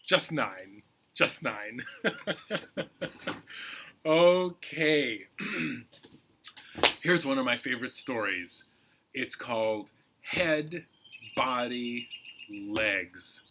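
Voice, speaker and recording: A man telling a folktale to children at a library storytime in a playful, expressive way. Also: mid-range voice, drawn-out words, long pauses, background noise.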